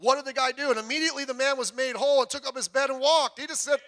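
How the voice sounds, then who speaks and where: A pastor preaches in a very high-pitched voice, keeping his sermon lively and conversational with jokes and quick self-repeats.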